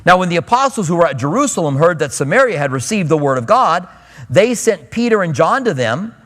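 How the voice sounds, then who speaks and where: A man with a high voice preaches casually, slipping into the voices of the people he quotes. The sound carries a long reverb from a large hall. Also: sing-song, fairly quick, a bit bright. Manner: conversational, acts out quoted voices. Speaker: pastor. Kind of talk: expository sermon.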